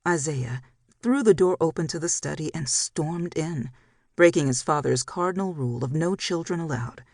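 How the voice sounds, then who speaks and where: An audiobook narrator reading a dramatic romance novel in a measured storytelling style. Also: medium pitch, gravelly, darkish tone, no room sound, studio quality. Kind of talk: scripted narration.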